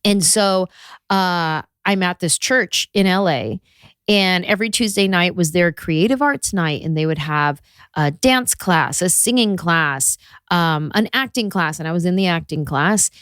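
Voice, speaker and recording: A woman's voice: on the low side, a little slow, clean tone, no echo. A woman from California in her thirties, a comedian telling stories in a casual interview and slipping into character voices. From California, USA. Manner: animated storyteller who slips into character voices. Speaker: guest comedian.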